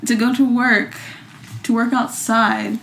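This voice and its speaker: A young woman from the United States co-hosting a podcast in casual chat, exasperated and talking in quick bursts. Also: on the high side, flat delivery, vocal fry, fairly bright tone, slight background noise, low-quality recording. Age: young adult. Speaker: podcast co-host. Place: indoor room at home.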